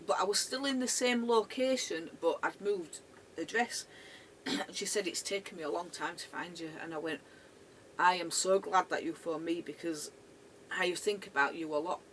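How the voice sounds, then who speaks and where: A woman's voice: medium pitch, fairly bright tone. Earnest woman telling a story. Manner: earnest, conversational, emotional retelling. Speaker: vlogger. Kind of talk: personal storytelling monologue. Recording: distant mic with faint ambient noise.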